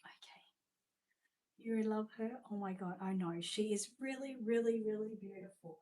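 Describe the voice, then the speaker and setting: A woman's voice: medium pitch, fairly even intonation, moderate pace, a little mellow, poor audio. An Australian woman hosts a live sales showcase, gushing over each item as she talks. Her speech is chatty and loose, full of little fillers and restarts. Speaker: seller presenting reborn dolls.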